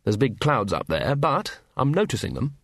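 A man doing a gruff, weary police captain. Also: wildly swooping pitch, normal speed, a bit bright, no echo, full character voice. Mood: wry. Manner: dry, gruff, low. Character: weary, sardonic middle-aged male police captain.

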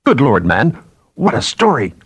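A man's voice: on the low side, big pitch swings, moderate pace, a little mellow, dry recording. A man voicing a probing male journalist who presses with blunt, challenging questions. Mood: incredulous.

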